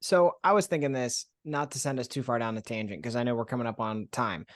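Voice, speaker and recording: A man's voice: mid-range voice, quick pace. A man co-hosting a podcast in casual chat, thoughtful and asking questions. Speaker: podcast co-host.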